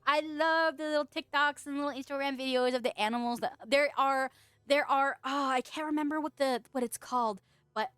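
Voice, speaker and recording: A young woman with a high, slightly bright voice chats casually with her livestream viewers at a moderate pace, reading their messages aloud and giggling playfully often. The recording is dry, with faint music in the background.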